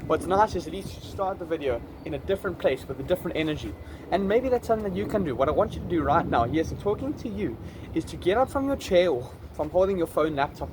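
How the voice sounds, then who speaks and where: A man's voice: a little high, background noise. A man with a South African accent talking casually to the camera outdoors in a vlog, rambling and correcting himself as he goes. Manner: chatty, rambling, self-correcting. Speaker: vlogger. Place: outdoors in an urban area.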